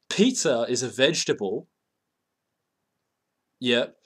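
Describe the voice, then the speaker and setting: Crude swearing male ranter. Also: mid-range voice. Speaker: video ranter. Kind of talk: profane comic rant.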